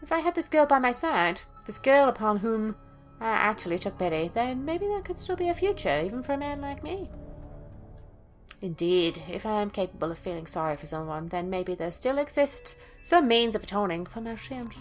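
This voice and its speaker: A woman's voice: a little high, sing-song, normal speed, soft background music. A woman voicing a menacing young man with a knife, reading his game lines aloud in a coaxing, taunting way. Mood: brooding.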